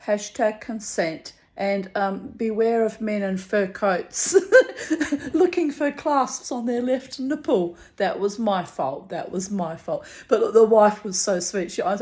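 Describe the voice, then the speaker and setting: A woman's voice: mid-range voice, slow pace. A woman vlogging straight to camera and telling a funny story from her day. She laughs often and acts out the other people with put-on voices, in a loose, chatty manner. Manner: giggly, animated, acts out both sides of the anecdote.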